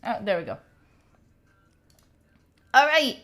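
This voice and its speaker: A young woman, chatting excitedly with viewers on a live stream and thanking them by name. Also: a little high, takes it slowly. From Italy. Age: young adult. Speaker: study streamer. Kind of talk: casual live-stream chat.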